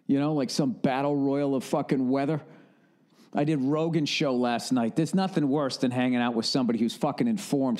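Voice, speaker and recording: A man's voice: mid-range voice, darkish tone. Profane ranting man with a Boston accent. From northern United States. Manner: ranting, profane, laughs often, acts out quoted voices. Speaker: podcast host. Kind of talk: casual comedic monologue. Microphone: studio podcast mic.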